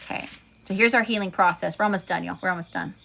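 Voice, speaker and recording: A woman with a Southern US accent, a tarot reader hosting a livestream, moving between chatty, folksy talk with viewers and a calm guided meditation. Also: mid-range voice, fast talker, vocal fry. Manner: folksy, chatty, says y'all often.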